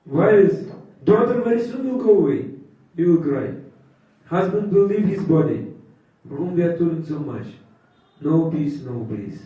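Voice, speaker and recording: Man, preaching, slightly high voice, halting with fillers, far off, muffled. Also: very animated. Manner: halting, many pauses and fillers, laughs at own jokes. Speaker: spiritual teacher. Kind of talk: sermon with storytelling. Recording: distant, echoey, muffled room recording.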